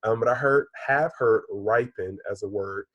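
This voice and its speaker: Soft-spoken male teacher with a husky voice. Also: fairly low pitch, normal speed, no room sound, dull audio. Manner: patient, often says "friends" and "um". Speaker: third-grade teacher. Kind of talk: recorded online reading lesson.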